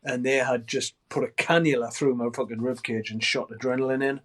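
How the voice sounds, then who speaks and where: A man in his sixties, a guest musician, telling a story in a podcast interview with lots of swearing and shouted quoted lines. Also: mid-range voice, fairly even intonation, brisk.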